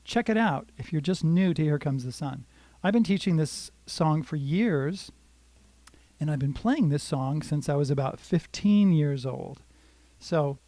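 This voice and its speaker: Older male guitar teacher, chatty and rambling, slightly high mellow voice in a dry room with guitar behind. Casual live-lesson delivery. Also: no room sound. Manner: chatty, rambling, greets viewers by name.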